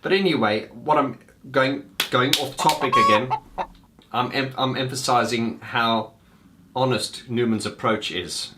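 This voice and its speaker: This music video host speaks unhurriedly in a medium-pitched voice with a sharp tone, and a little hiss or hum is audible. He rambles casually to viewers, using fillers and restarts, treating them as friends and calling them "guys."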